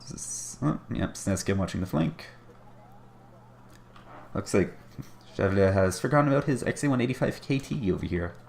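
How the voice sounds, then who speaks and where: Male caster, deep and gravelly, casual wry play-by-play for a strategy game. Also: animated, moderate pace, pauses often, darkish tone, a little hiss or hum. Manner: chatty, wry, self-deprecating asides.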